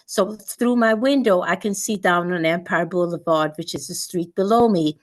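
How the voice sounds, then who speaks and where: A woman's voice: on the low side, normal speed. A woman in her eighties from Sweden, a guest speaker telling a personal story vividly, with repetitions and restarts.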